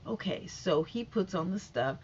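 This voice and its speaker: A middle-aged woman vlogger rambles through a casual story-time monologue, full of fillers and restarts, acting out every exchange. Her fairly low, expressive voice is a little mellow at normal speed, captured in dull lo-fi audio with slight background noise.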